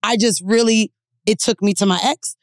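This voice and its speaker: A woman's voice: mid-range voice, moderate pace, dry recording, studio quality. Blunt, profane woman podcast host. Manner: blunt, profane, animated storytelling. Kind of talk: candid casual chat.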